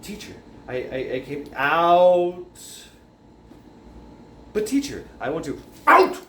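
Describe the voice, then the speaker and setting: Guy doing a clumsy young kung fu student, eager and pitched up, in an echoey room with faint noise in the back. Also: sing-song, slow pace, a bit bright, recorded from a distance, full character voice. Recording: roomy echo, faint background noise.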